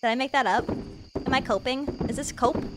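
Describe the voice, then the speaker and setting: A young woman streaming a video game live, rambling and joking at herself, swinging from mumbled asides to loud excited bursts. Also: sits high, moderate pace, heavy background noise. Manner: rambling, self-mocking, jumps between mumbling and loud excitement. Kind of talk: live gameplay stream chatter.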